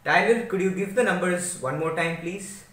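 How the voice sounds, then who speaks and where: A man's voice: sits high, normal speed, a bit bright. A man playing a flustered, apologetic boss on a video call in an amateur comedy skit. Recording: echoey room with noise, far off.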